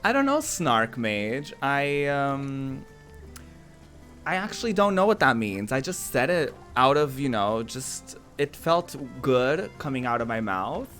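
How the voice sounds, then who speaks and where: Male game streamer, casual chat with viewers, slow easy delivery, giggly, faint music underneath. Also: mid-range voice, big pitch swings, fairly bright tone. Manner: giggly, chatty, reads and answers chat aloud. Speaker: Twitch streamer.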